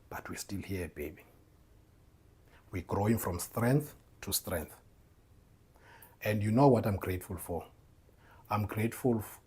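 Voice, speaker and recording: A man hosting a motivational faith podcast, talking to listeners as "bro" and "man" and bursting into loud laughter. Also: fairly low pitch, husky. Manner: tags lines with "bro", "man" and "right?". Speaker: podcast host.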